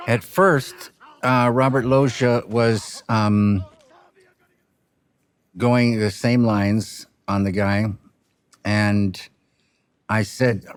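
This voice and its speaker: A film director speaking reflectively, with a halting manner of trailing off and restarting mid-sentence. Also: male voice, lowish voice, fairly even intonation, no room sound. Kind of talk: reflective interview talk.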